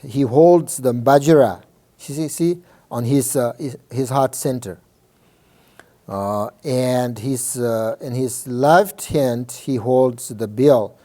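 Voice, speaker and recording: Slow, soft-toned Buddhist teacher, a man. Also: mid-range voice. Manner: halting, many fillers and restarts; checks in with listeners often. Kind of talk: informal dharma teaching.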